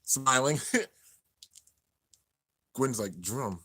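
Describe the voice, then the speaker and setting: A young man narrating an anime finale as he watches it live, excited and emotional. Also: medium pitch, normal speed. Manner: excited, narrating on-screen action, drops to near-tears murmurs. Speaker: anime reaction host. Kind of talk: live reaction commentary.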